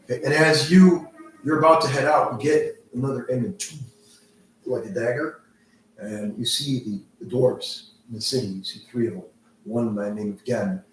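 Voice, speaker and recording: Rambling game master in an echoey room. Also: male voice, medium pitch, moderate pace. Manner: rambling, loose, with many fillers and restarts. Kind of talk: narrating a tabletop role-play game. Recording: echoey room, mic far off, faint noise.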